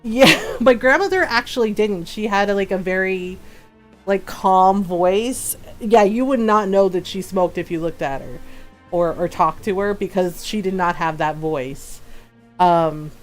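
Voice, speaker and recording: A woman's voice: medium pitch, a little slow, soft background music. A woman streamer telling stories in casual chat, laughing often and acting out the voices of people in her stories.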